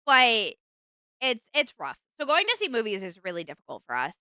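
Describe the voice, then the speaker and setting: Bright, lively young woman chatting. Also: fairly high pitch, moderate pace, smooth, dry recording. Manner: chatty, rambling, animated, with fillers and bursts of exasperation. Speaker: streamer. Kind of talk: casual chat with stream chat.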